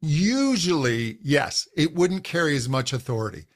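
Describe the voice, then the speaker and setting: Man explaining voice technique calmly. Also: on the high side, moderate pace. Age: middle-aged. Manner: calm, instructive, uses physical demonstrations of voice. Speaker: vocal coach. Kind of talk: explanatory interview answers.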